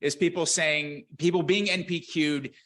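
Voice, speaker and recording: A man's voice: fairly high pitch, fairly even intonation, a little slow, fairly bright tone. A man, a research scientist, giving a conference presentation in an earnest, candid way, with fillers, restarts and wry humor. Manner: wry self-deprecating humor.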